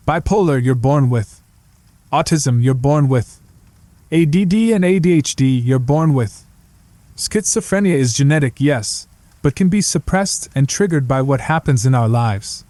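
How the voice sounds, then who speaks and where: A man's voice: mid-range voice, mellow, no echo, natural voice. A man voicing a blunt young psychology student who answers in a dry, dismissive, lecturing way.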